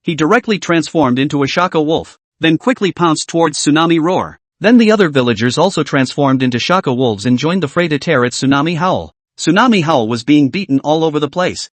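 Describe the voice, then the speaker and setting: Man narrating with lively pitch. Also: fairly quick, hardly any pauses, no echo. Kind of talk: manhua recap narration.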